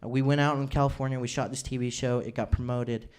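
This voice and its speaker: A man's voice: mid-range voice, fairly even intonation, fast, a little mellow, clear, resonant tone. Young guy doing standup, rambly and self-deprecating, lots of restarts. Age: 20s. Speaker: stand-up comedian. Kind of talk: stand-up routine. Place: comedy club stage.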